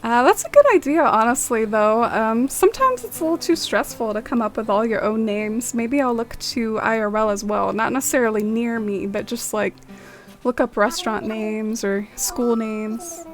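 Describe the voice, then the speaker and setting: A woman's voice: a little high, expressive, moderate pace, faint music behind. A young woman streaming a game, chatting in a friendly way with viewers and musing aloud. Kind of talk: casual chat with viewers.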